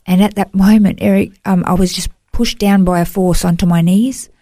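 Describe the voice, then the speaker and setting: A woman recounts her story as an interview guest. Her voice is warm and mellow with a gravelly edge. She speaks earnestly and emotionally, leaning often on "you know", and the recording is close and dry. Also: mid-range voice, steady tone, normal speed, no room sound. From Australia. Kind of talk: personal testimony in an interview.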